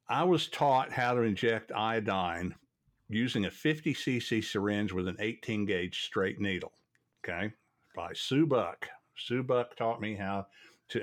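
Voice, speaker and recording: A man, a podcast host telling folksy stories from his work in radiology. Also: on the low side. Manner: folksy, storytelling, chatty. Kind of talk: casual chat.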